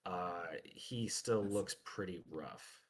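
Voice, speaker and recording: A man's voice: low-pitched, takes it slowly, slightly rough. A man narrating as game master of a tabletop game, casual and full of fillers.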